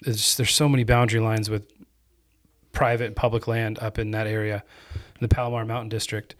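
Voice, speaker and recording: A man hosting a podcast and telling a story in an energetic, chatty way. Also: fairly low pitch, fairly quick. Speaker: podcast host. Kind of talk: casual storytelling chat.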